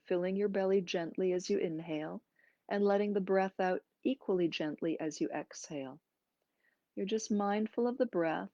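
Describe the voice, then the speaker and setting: A woman yoga teacher talks a class through its breathing, slow and gentle, leaving pauses between her instructions. Her voice is mellow and a little low. The recording is dry and slightly dull, with a lo-fi edge. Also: dry recording. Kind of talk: guided breathing and movement class.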